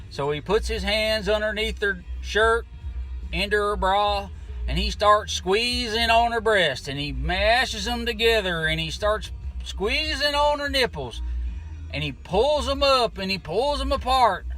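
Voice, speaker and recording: A man's voice: sits high, animated, normal speed, sharp tone, faint music behind, low-quality recording. A man hosting his own vlog, telling a joke in a folksy, chatty drawl.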